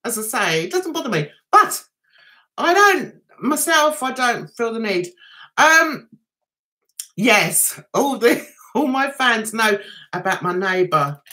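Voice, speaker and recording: A woman hosting a casual livestream, telling stories in a chatty, animated way. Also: a little high, takes it slowly. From United Kingdom. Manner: chatty, animated storytelling with mimicked voices. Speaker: livestream host.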